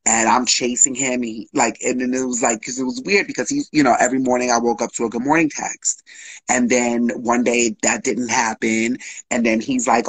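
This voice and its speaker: A man's voice: medium pitch, level tone, moderate pace, slightly rough, poor audio. A man guest telling an open, emotional personal story on a live stream, frank and casual with swearing.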